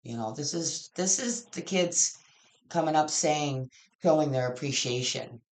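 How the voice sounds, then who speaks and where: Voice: mid-range voice, measured pace. Blunt, casual tarot reader. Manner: blunt, frank, swears casually; rambling with frequent restarts. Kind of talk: casual tarot reading to camera.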